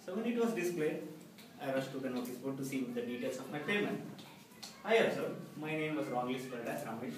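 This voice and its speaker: A man's voice: mid-range voice, animated, brisk. A middle-aged man giving a humorous prepared speech to a club, telling stories with acted quotes. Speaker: club speaker. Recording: echoey hall from far off, background noise.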